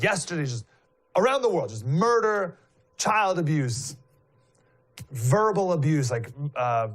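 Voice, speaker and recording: His voice sits high and has a fairly bright quality. Offering live political commentary, he rambles casually, leans on fillers and rhetorical questions, and comes across as emphatic and indignant.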